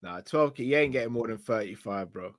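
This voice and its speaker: A man's voice: mid-range voice, expressive, brisk, no room sound, clean studio sound. A man, teasing his co-hosts in casual football chat. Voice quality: teasing, slangy. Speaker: fan channel co-host.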